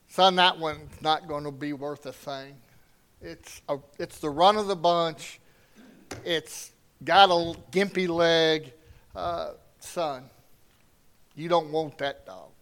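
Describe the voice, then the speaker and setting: High-voiced preacher, slow and smooth. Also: male voice. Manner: quiet storytelling building to loud preaching. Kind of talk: sermon with storytelling.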